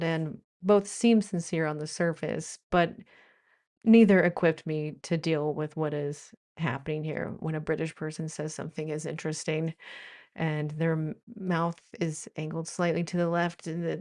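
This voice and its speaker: A woman's voice: deep voice, a little mellow. An American woman vlogging in a wry, playful commentary style, now and then slipping into quoted phrases. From United States. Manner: wry, playful, shifts into mock-British quotes. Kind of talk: chatty commentary.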